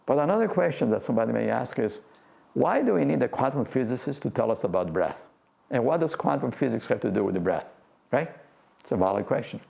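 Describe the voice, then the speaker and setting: Gravelly older man teaching breath meditation. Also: mid-range voice, very animated, brisk. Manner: gentle, playful, laughs often. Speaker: quantum physics professor and meditation teacher. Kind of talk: guided meditation talk. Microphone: video talk to a remote audience.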